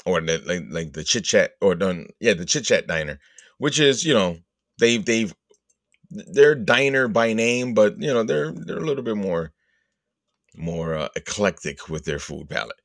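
Rambling, profane podcast host, low voice. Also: male voice, animated, unhurried, creaky, dry recording, studio quality. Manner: profane, rambling, puts on voices for people in his story. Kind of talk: casual comedic storytelling.

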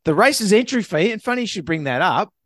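Lively jokey man, podcast co-host. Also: sits high, fairly quick, no echo, clean studio sound. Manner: jokey, reads news story aloud with asides. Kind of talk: casual comedic podcast chat.

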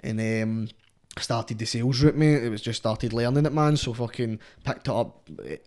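Speaking with a Glasgow accent, this young Scottish man is a guest rapper whose medium-pitched voice sounds a little mellow and moves at normal speed. His casual talk rambles, is full of swearing, and ends almost every phrase with "mate."

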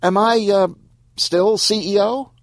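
A man's voice: sits high, steady tone, unhurried, no room sound, studio quality, pitched above the performer's own voice. A man voicing a meek male CEO who is flustered and hesitant, stammering as he talks.

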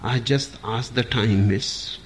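A man's voice: medium pitch, measured pace, a little mellow, close to an everyday voice. A man voicing a flustered, mumbling man in a bar within an anecdote in a spiritual talk. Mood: sheepish. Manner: mumbling and sheepish.

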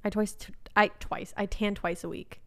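A young woman co-hosting a casual chat podcast, talking in a chatty way full of "like" and quick restarts. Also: medium pitch, steady tone. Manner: chatty, with frequent "like" fillers and restarts. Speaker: podcast co-host.

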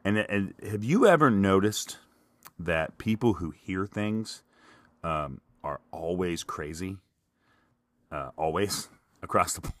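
A man with a Kentucky accent telling a rambling, self-mocking comic story, jumping louder when he quotes himself. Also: low-pitched, animated, slow pace, no room sound. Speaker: podcast host. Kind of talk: storytelling monologue.

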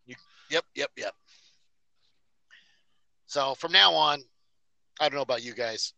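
A man's voice: mid-range voice, a little slow, vocal fry, long pauses, pushed and bright, no echo, rough recording. A man on a casual podcast, telling a story in a profane, ranting way. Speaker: podcast host.

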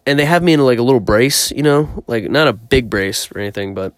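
A man's voice: mid-range voice, animated, a little fast, dry recording, clean studio sound. A young man casually telling a story about himself, rambling, swearing often and poking fun at himself. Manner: profane, rambling, self-mocking.

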